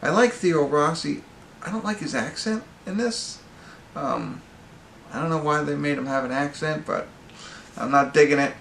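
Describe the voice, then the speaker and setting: A man's voice: fairly high pitch, normal speed, creaky, fairly bright tone, roomy sound, a little hiss or hum. A man giving a casual, rambling movie review, full of fillers and restarts. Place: pub.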